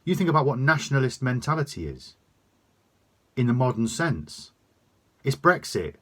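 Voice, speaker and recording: A man's voice: mid-range voice, big pitch swings, normal speed. A man delivering a sweary, emphatic opinion rant to camera. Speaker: vlogger.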